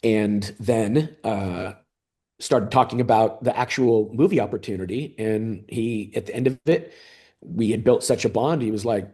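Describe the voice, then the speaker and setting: Lively storytelling man in his fifties. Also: on the low side. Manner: animated storyteller, often pauses on fillers. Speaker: interview guest, former gaming executive. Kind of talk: conversational storytelling in an interview.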